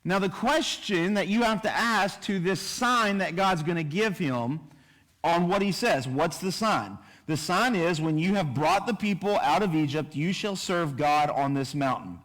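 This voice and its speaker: A man's voice: high-pitched, expressive, unhurried, fairly bright tone. A man teaching a Bible study in a conversational manner, often repeating himself and checking in with "right?" and "okay?". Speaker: pastor. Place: church.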